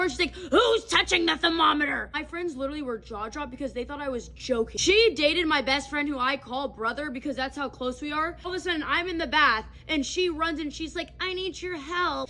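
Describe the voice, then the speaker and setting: A woman in her twenties telling a storytime vlog in an animated, emphatic way. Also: high voice.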